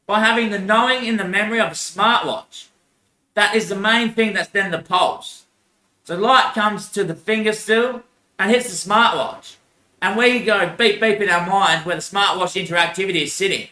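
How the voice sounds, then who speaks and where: A man's voice: sits high, moderate pace, sharp tone, reverberant. A man in a rambling monologue, repeating himself, swearing and laughing often.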